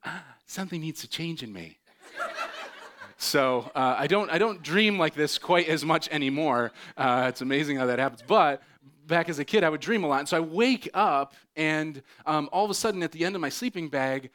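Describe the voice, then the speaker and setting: A man in his thirties, a pastor preaching a sermon and telling a funny personal story with lots of fillers. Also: mid-range voice. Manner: animated, self-mocking storyteller with many fillers.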